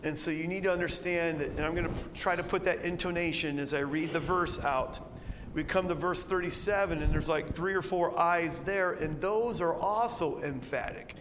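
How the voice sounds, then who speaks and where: A man's voice: fairly high pitch, moderate pace, fairly bright tone, slight background noise. A man preaching an expository Bible sermon, emphatic and conversational, with many rhetorical questions to his congregation. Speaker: pastor. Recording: long reverb, faint room ambience.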